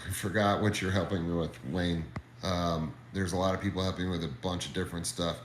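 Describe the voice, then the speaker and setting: A man with a very deep voice chats casually on a livestream, laid-back and friendly and swearing freely. He reads viewer comments out loud. The sound is echoey, with a faint hum of room ambience behind him. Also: level tone, a little fast. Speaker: livestream host and reptile keeper.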